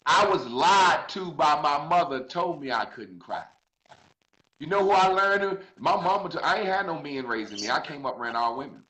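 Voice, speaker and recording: A man crying as he preaches to his viewers, swearing freely and swinging from shouts to quiet asides. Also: fairly high pitch, echoey room, low-quality recording. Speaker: social media commentator. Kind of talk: emotional monologue to viewers.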